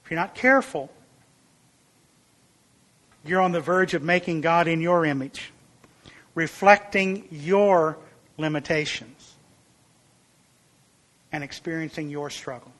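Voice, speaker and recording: A man's voice: slow pace, long pauses, fairly bright tone. A man preaching a sermon in an earnest, emphatic way. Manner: earnest, emphatic, rises in pitch and volume for illustrations.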